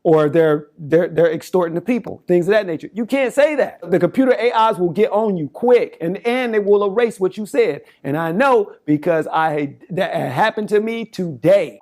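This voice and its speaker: A man in his forties with a strikingly high voice preaches at the camera in a fervent, rambling monologue. His speech is slangy and casual, doubling back on itself with frequent restarts. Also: a little mellow. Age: 40s. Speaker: self-styled political campaigner. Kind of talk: impassioned direct-to-camera monologue.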